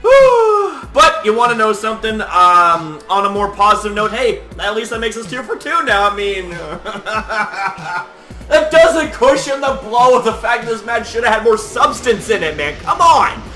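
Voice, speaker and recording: Young male recap host, high lively voice, roomy sound with faint music underneath. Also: moderate pace. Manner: animated, swears a lot, filler-heavy. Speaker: wrestling commentator, channel host. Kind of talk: casual video recap. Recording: echoey room with faint music.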